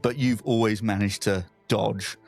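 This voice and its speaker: A man narrating as game master of a tabletop game, laughing often and tossing in quick asides. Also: on the low side, fairly even intonation, creaky.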